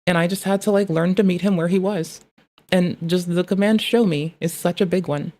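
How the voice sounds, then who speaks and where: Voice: mid-range voice, a little fast. A young adult streamer ranting in casual chat, swearing often and rambling about pet training. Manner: profane, rambling, animated.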